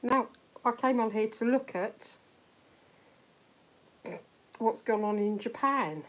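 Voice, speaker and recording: A woman's voice: a little high, takes it slowly, a bit bright. A woman co-hosting a casual live stream, reading out headlines and talking bluntly. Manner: blunt, sweary, reads headlines aloud.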